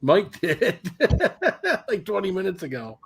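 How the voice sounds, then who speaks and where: A man's voice: high-pitched, wildly swooping pitch, slow pace, vocal fry, slight background noise. A man joking through a casual stream chat, making wry asides.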